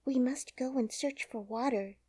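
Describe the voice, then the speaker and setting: Storybook girl, young and polite, played by a woman: high, breathy, lively delivery, dry booth sound. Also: normal speed, dry recording. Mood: earnest. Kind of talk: audiobook character reading.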